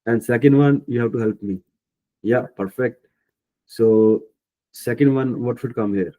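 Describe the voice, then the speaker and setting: A man with an Indian English accent teaching a French class online, speaking slowly and patiently, thinking aloud and correcting himself. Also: medium pitch, dark tone, poor audio. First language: Punjabi. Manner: slow, patient, thinking aloud with many fillers; self-correcting mid-sentence.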